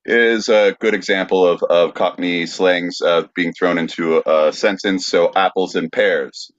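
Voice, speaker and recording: A man with a very low voice hosts a podcast quiz segment, explaining things deliberately with plenty of "uh"s. His sound is dull and lo-fi. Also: fairly bright tone. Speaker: podcast host.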